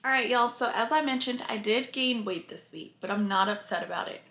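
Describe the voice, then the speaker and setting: A woman's voice: a little high, brisk, fairly bright tone. A woman vlogger talking earnestly and openly to her viewers, emotional and close to tears. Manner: earnest and confiding, addresses viewers often. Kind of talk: casual talk to camera. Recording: echoey room.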